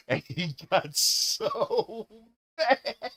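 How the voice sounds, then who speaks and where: A man's voice: fairly high pitch, huge pitch swings, very slow, sharp tone. A man hosting a live stream, telling stories in casual chat, laughing often and swearing freely. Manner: laughs often, profane, gleeful storyteller.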